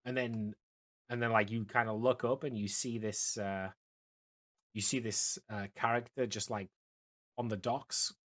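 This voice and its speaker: A man's voice: on the low side, steady tone, measured pace, fairly bright tone. A man narrating a tabletop game as dungeon master, hesitant and full of fillers.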